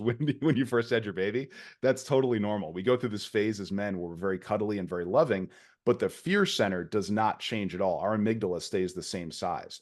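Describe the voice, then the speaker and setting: A man talking as a podcast guest, explaining ideas at length in a casual conversation. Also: fairly low pitch. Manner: explanatory, lecturing tone.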